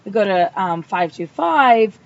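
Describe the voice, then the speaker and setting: A woman's voice: mid-range voice, expressive, unhurried, creaky. A woman chatting on a podcast, blunt and candid, acting out every line of her stories. The audio is dull and lo-fi with a faint hiss underneath. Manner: candid storyteller, swears freely, acts out quotes. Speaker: podcast co-host. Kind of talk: casual chat.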